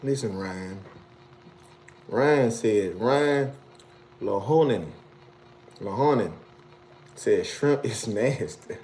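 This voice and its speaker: Animated man hosting a casual live stream. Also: extremely slow, pauses often, slight background noise. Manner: animated, jumps to a high incredulous pitch when teasing; laughs often, loose slangy talk. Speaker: livestream host reading viewer comments.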